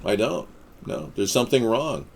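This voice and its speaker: A man hosting a casual live stream, answering viewer comments in a rambling, deadpan-joking way with quips and rants. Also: medium pitch, normal speed, vocal fry, a little hiss or hum. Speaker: livestream host.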